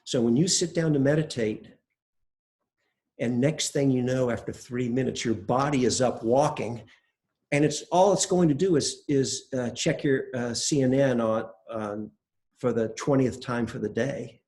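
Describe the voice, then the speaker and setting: An older man giving a relaxed, conversational dharma talk as a meditation teacher, telling stories with small hesitations. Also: medium pitch, unhurried. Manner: relaxed, conversational, self-deprecating storytelling with hesitations.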